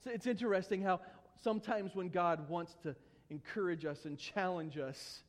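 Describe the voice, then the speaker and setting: A man's voice: high-pitched, fairly even intonation, moderate pace. A man preaching a sermon in a church, earnest, with stumbling repetitions and humorous asides. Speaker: pastor. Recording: long hall reverb.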